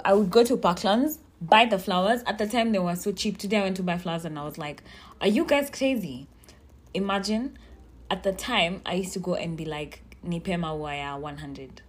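A woman's voice: medium pitch, brisk, breathy edge. A young woman hosting a casual solo podcast, chatting in a rambling way that keeps circling back on itself. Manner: chatty, rambling, self-interrupting. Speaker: podcast host.

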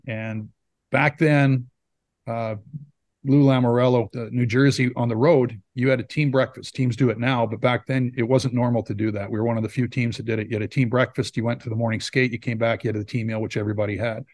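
A middle-aged man, a former hockey player telling stories in a casual interview, rambling and animated with lots of fillers. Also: medium pitch, fairly quick, no room sound. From Saskatchewan, Canada. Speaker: former pro hockey player, now scout. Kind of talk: casual storytelling in a podcast interview.

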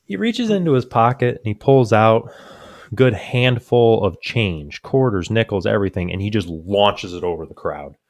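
Deep-voiced young man telling rambling stories. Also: animated, moderate pace, no echo. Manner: rambling storytelling with many fillers and restarts; laughs through his own stories. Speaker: podcast co-host. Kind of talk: casual chat.

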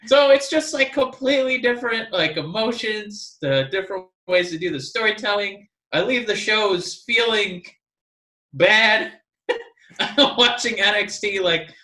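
Animated rambling man in echoey room. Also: sits high, measured pace. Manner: rambling, animated, mock-crying impressions. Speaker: podcast co-host. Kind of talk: casual wrestling chat.

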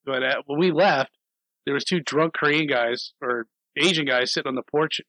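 A man co-hosting a podcast, telling travel stories in a casual, animated way, with frequent laughs and swearing. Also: on the high side, moderate pace, no echo, rough recording. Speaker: podcast co-host. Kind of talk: casual chat.

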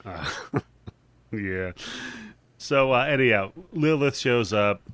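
A man's voice: mid-range voice, expressive, takes it slowly, a bit bright, no echo. Man rambling through a movie recap. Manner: loose, rambling, with many fillers. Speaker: podcast co-host. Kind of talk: casual chat, recapping a movie.

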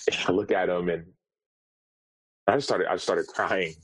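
A man, a guest author, sharing a personal story in an earnest, halting way, often repeating words as he searches for them. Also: low-pitched, steady tone, fairly bright tone, husky, no echo, poor audio.

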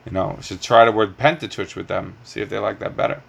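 A man's voice: fairly low pitch, quick pace, creaky, fairly bright tone, slightly rough, dull audio. A middle-aged man teaching a Torah class, lecturing with rhetorical questions and lots of Hebrew terms.

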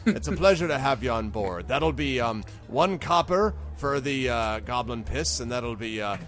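A man's voice: mid-range voice, expressive, moderate pace, fairly bright tone, faint music behind, close to an everyday voice. A man voicing a jovial, boastful male tavern keeper who talks like a salesman and jokes a lot. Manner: hearty, salesman-like, joking.

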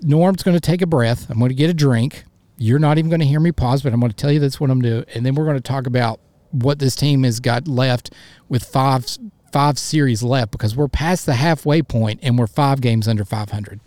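A man's voice: medium pitch, moderate pace, darkish tone, dry recording. A man hosting a solo sports podcast, ranting in a fired-up, frustrated way and bluntly repeating himself for emphasis. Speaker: podcast host.

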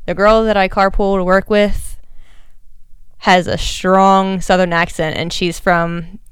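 A woman's voice: medium pitch, little pitch movement, takes it slowly, clear, resonant tone, dry recording. A young woman co-hosting a casual book-discussion podcast, frank and opinionated, with lots of "like" fillers. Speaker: podcast co-host.

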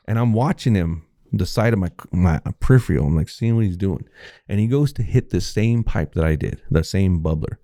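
A man's voice: deep voice, brisk, warm tone, no echo, studio quality. A man on a podcast telling a rambling, profane story in casual chat and acting out what each person said. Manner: rambling, profane, acts out quotes. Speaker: podcast co-host.

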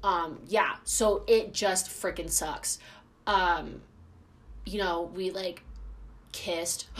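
A young woman in her twenties hosts her own podcast, talking in a loose, rambling way. Her voice sits a little low for a woman, and she fills her sentences with constant fillers. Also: measured pace, a little hiss or hum. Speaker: podcast host. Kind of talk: casual solo chat.

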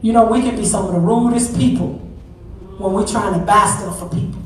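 A woman's voice: medium pitch, fairly quick. A middle-aged woman, a pastor's wife, preaching a Mother's Day sermon in a conversational, emphatic way with lots of repetition. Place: large church sanctuary. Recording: echoey church sanctuary, distant mic.

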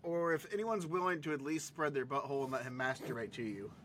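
A man's voice: mid-range voice, quick pace, a bit bright, slight background noise. A man co-hosting a casual podcast, joking crudely and laughing often between bits of reading. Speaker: podcast co-host. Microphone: home podcast mic.

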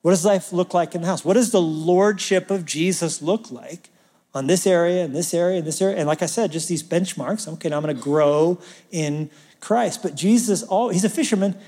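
A man preaching a sermon as pastor, talking like a conversation and swinging from loud emphasis to near-whispers. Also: sits high, normal speed, in a large hall.

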